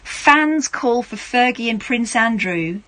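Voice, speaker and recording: A woman's voice: fairly high pitch, lively intonation, takes it slowly, a bit bright, dry recording. Chatty woman radio presenter. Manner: chatty, storytelling, wry asides. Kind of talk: casual radio chat.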